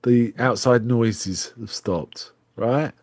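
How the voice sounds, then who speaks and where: A man co-hosts a podcast in a casual film discussion, retelling a movie's plot at length, acting out its lines, and chuckling. His medium-pitched voice is slow and a little mellow, recorded as clean studio sound with no echo.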